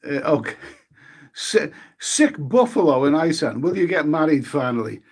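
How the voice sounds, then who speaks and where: This man's voice sits on the high side, sing-song and breathy, at a normal pace. He chats casually on a live stream, eating as he talks, mildly swearing, and reading viewer comments and names aloud.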